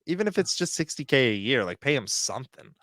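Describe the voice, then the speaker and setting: A man's voice: medium pitch, big pitch swings, quick pace, a bit bright, dry recording, studio quality. A man co-hosting a podcast, chatting casually and ranting with laughs. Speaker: podcast co-host. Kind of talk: casual chat.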